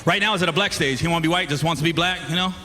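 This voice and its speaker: A man doing a stand-up routine, telling animated stories about his family with shouted punchlines. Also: on the high side, racing, big-room sound. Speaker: stand-up comedian.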